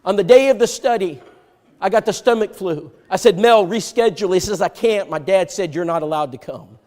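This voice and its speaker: Preacher telling a story in a reverberant hall. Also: male voice, sits high, fairly quick. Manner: acts out quoted dialogue with sharp swings from loud to hushed. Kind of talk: sermon storytelling. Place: church sanctuary.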